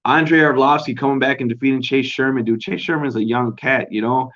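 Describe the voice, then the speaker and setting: A young man talking at a middle pitch, rambling through a casual solo recap and swearing freely. He sounds laid-back and loose. The home recording is dull and lo-fi. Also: brisk, a bit bright. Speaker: podcast host.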